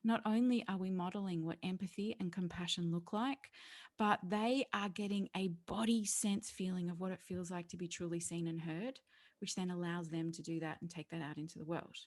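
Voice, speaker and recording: Earnest woman, lowish voice. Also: fairly even intonation, brisk, darkish tone. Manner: earnest, storytelling, laughs often; acts out quoted voices. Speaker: guest, parenting educator. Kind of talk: conversational interview.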